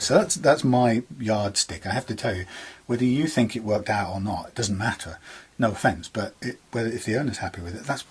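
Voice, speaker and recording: A man's voice: lowish voice, a little fast, breathy edge. A man with an English accent chatting casually about a guitar repair in his workshop, rambling and bemused, laughing often.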